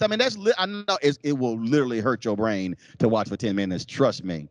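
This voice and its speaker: A man's voice: medium pitch, a little fast, no echo. A man giving a university keynote lecture, telling stories and acting out what other people said in shifting voices. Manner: animated, acts out quotes in shifting voices. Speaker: keynote speaker. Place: lecture hall.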